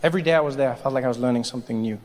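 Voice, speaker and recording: A man doing a stand-up comedy set, telling stories in an animated, self-mocking way. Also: mid-range voice, very fast, a little hiss or hum. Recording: reverberant hall, faint ambience.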